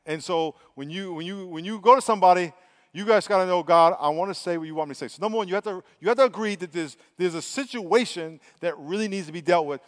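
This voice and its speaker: A man with a high voice preaches a sermon, chatting with his listeners and then pressing his points hard. He acts out little quoted exchanges along the way. His voice rings with the long reverb of a large hall. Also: fast. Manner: conversational, emphatic preaching with acted-out quotes. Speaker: pastor.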